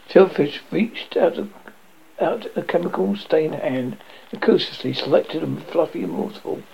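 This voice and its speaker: A man reading a novel aloud in an amateur, halting way, often stumbling and restarting words. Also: a little high, expressive, creaky, a little hiss or hum. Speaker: audiobook reader. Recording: dull lo-fi audio.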